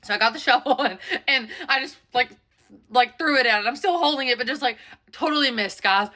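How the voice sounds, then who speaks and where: A woman tells a story for her vlog, her voice bright and a little high. She sounds shaken and a touch breathless. She talks in an animated, rambling way with plenty of fillers. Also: a little fast. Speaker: storyteller vlogger. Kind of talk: casual storytime.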